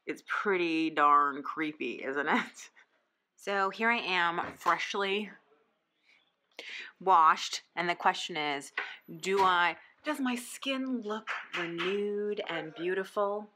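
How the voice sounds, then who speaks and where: A woman's voice: lowish voice, noisy background. A woman talking casually to her camera in a vlog, chatty and upbeat, often laughing. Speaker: vlogger. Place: home and house under renovation.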